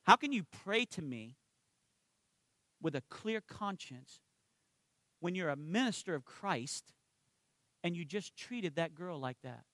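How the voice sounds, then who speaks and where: The calm voice of God, as a preacher puts it on, gently rebuking. It is slow, hushed and measured, lower than his usual talk, with a bright edge and a dry sound. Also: dry recording, full character voice.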